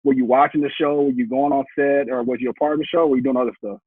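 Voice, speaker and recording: A man's voice: medium pitch, steady tone, fast talker, breathy edge, dry recording. A man hosting a podcast, asking questions in a conversational way and laughing often. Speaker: podcast host. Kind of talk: casual interview. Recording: tinny phone-like line, dry.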